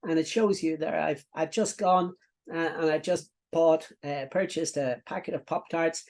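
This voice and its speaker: A man's voice: fairly high pitch, fairly even intonation, moderate pace, creaky, darkish tone. Chatty middle-aged man giving coaching instructions. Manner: instructive, repeats himself, many fillers and asides. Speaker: business coach. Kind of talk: recorded coaching lesson.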